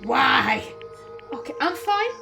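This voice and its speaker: A woman hosting a let's play, reacting to a game in an exasperated, expressive way and swearing often. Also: high voice, takes it slowly, over music. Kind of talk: game commentary.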